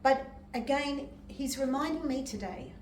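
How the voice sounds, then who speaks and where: An older woman preaches gently from a distance, her voice bouncing around an echoey hall. She shares personal testimony with emotion and laughs often as she speaks. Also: high voice, a little slow, a little hiss or hum. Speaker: medium and reverend. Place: church hall.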